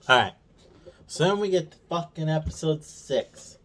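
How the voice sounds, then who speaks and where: A video reviewer with a slightly high, expressive, somewhat bright voice rants at a moderate pace in a casual, profanity-heavy review. He swears constantly, sounds mocking and exasperated, and retells scenes by acting out the characters' lines in his own words.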